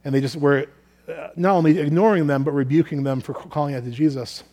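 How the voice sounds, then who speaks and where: A man delivers a sermon in a fairly high voice. He speaks earnestly, often doubling back on words as he thinks aloud. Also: fairly even intonation, fast talker, a little mellow. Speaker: preacher. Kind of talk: sermon with scripture reading.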